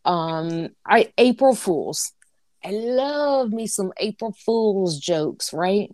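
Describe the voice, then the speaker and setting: A woman co-hosts a horror podcast in a brash, swearing, laugh-filled way. Her pitch leaps up and down as she talks, yet she does not rush. The sound is dry and close. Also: lively intonation, slow pace, darkish tone, no echo. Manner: brash, profane, laughing storyteller. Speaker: podcast co-host. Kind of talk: casual chat.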